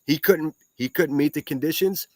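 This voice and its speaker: A man's voice: a little high, moderate pace, darkish tone, dry recording. A man hosting a solo livestream podcast, ranting and hurling mocking, profane insults at critics. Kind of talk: ranting commentary reacting to clips.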